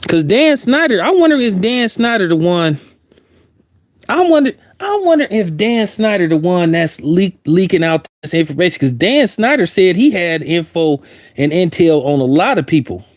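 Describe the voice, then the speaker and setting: A man delivers heated, blunt commentary in a slightly high voice, circling back to hammer his points. The sound is dry and close, with no room around it. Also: big pitch swings, normal speed, no echo. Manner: heated, blunt, repeats himself for emphasis. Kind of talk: opinionated commentary.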